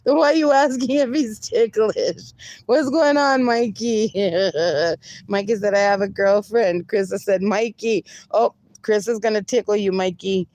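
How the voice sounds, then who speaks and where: A woman's voice: medium pitch, unhurried, darkish tone, dry recording. A woman livestreaming, reading viewer comments aloud and bantering with them, laughing often. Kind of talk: casual live-stream chat.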